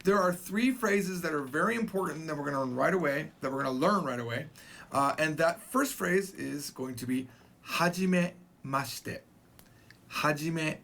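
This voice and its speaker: A man teaching a recorded Japanese lesson, his voice sitting a little high. He explains slowly, repeats each key phrase, and slips into casual, rambling asides. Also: a bit bright. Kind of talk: recorded video language lesson.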